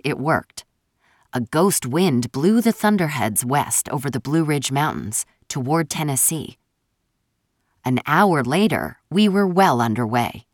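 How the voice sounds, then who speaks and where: Low, expressive woman narrating a story. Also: no echo, clean studio sound. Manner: wry, expressive first-person storytelling. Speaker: audiobook narrator. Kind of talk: scripted audiobook narration.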